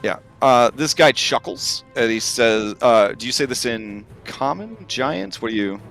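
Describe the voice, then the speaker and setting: A man runs a tabletop game, his bright voice swinging up and down as he narrates. He takes his time, with a quiet music bed behind. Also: medium pitch, creaky. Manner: lively, unhurried, many fillers. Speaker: game master.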